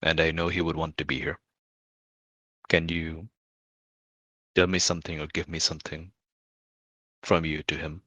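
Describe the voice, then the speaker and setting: A man playing a tabletop role-playing game, speaking his character's lines softly and earnestly. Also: extremely low pitch, little pitch movement, moderate pace, long pauses, no room sound, muffled recording. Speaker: player.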